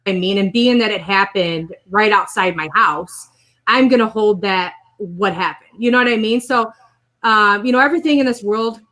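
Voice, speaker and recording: A woman telling a personal story in casual conversation, rambling and animated, acting out the voices of the people in it. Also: mid-range voice, normal speed. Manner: rambling, animated retelling with quoted voices and laughs. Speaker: guest sharing a personal story.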